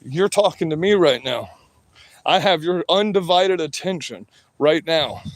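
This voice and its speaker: A man's voice: on the high side, animated, a little slow, no room sound. A man hosting a livestream, taunting and cursing at viewers in a combative rant. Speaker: livestream host. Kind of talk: ranting livestream talk to viewers.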